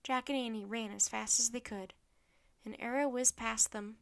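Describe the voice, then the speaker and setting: A woman reading a children's chapter book aloud in a steady, clear narration. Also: fairly high pitch, moderate pace. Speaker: storybook narrator.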